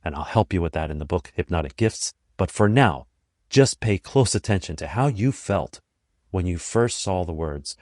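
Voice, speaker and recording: A man with a very low voice delivers a motivational podcast monologue as its host. He speaks deliberately and with emphasis, leaning on repeated phrases to drive each point home. The sound is close and dry. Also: expressive, a little mellow, dry recording.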